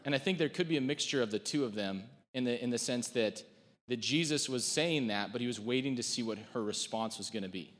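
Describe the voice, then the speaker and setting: A man giving a sermon in a relaxed, conversational way, with joking asides and quotes he acts out. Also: medium pitch, a little fast, in a large hall. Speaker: preacher.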